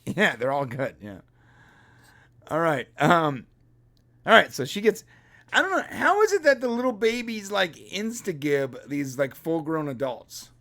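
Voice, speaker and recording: Brief: male co-host, slightly higher voice, animated and jokey, casual live review banter. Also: a little slow. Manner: laughs often, jokey asides. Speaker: podcast co-host. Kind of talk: casual livestream review chat.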